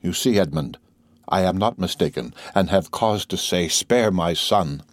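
A man's voice: low voice, unhurried, no echo, clean studio sound. A man voicing a desperate noblewoman pleading for her son in an audiobook. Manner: pleading, despairing. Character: desperate pleading noblewoman, mother, middle-aged. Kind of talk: audiobook character reading.

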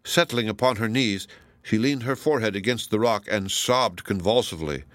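A man reading a classic novel aloud as audiobook narration, in a measured, deliberate way. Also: on the low side, a bit bright, no room sound. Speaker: audiobook reader. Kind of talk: scripted narration.

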